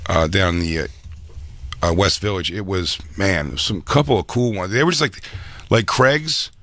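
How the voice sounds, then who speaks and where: A man's voice: sits low, normal speed, fairly bright tone, dry recording. A man chatting on a comedy podcast, rambling through his stories and restarting his sentences. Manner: rambling, full of fillers and restarts. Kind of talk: casual podcast chat.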